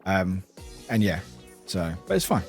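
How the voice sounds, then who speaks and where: A man casually chatting with viewers on a live stream, animated and chatty, laughing often and exclaiming loudly. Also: deep voice, unhurried, soft background music. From United Kingdom.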